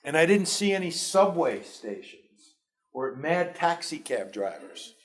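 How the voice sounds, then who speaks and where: A man's voice: fairly high pitch, very animated, unhurried. A man in his fifties with a New York accent, a school superintendent giving students a motivational talk through personal stories, earnest and given to restarts.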